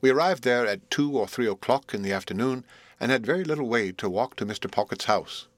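A man narrating a classic novel as an audiobook, reading in a measured, even manner. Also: mid-range voice, no echo. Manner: measured, even reading of old literary prose. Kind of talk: scripted narration.

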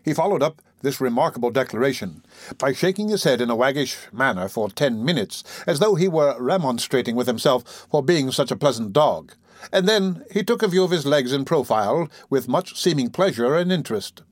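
Male audiobook narrator, measured delivery, mid-range voice, dry close recording. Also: mid-range voice, lively intonation, no room sound. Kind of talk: scripted narration of a classic novel.

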